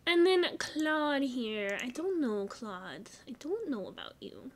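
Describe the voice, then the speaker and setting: A young woman hosting a casual game video, chatty and gushing with soft asides. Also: high-pitched, big pitch swings, takes it slowly, slight background noise. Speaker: gaming channel host.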